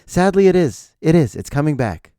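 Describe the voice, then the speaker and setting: A man in his forties hosts a solo podcast, spinning everyday stories with sarcasm and acting out the people in them. His pitch leaps up and down as he tells them. His tone is mellow, and the sound is dry and close. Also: sing-song, moderate pace, clean tone, no echo. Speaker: podcast host. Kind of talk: casual solo storytelling.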